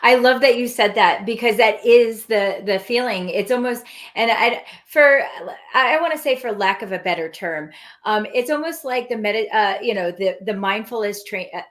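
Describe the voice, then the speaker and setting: A woman hosting a casual panel chat on a video call, emotional and halting, with many fillers and restarts. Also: fairly high pitch.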